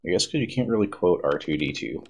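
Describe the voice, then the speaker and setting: A man's voice: low voice, lively intonation, fast, gravelly, husky. A man streaming a video game, chatting casually and self-deprecatingly between scenes. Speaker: let's-play streamer.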